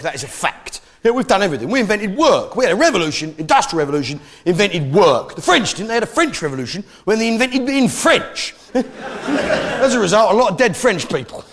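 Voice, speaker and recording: A man's voice: high-pitched, fairly bright tone. An Englishman doing sweary, mock-patriotic stand-up comedy, with audience laughter behind him. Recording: live show with crowd noise.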